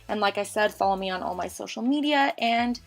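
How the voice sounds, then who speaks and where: A young woman recording a casual voiceover for a makeup tutorial, chatty and rushed, a little out of breath and tongue-tied. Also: medium pitch, vocal fry. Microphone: home voiceover mic.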